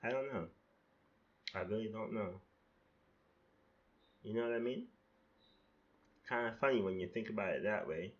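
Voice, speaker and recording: On a lo-fi recording, a man with a lowish voice talks at normal speed, leaving long pauses. He's a podcast host reflecting casually on poems he wrote, being hard on his younger self, rambling with restarts and the odd curse.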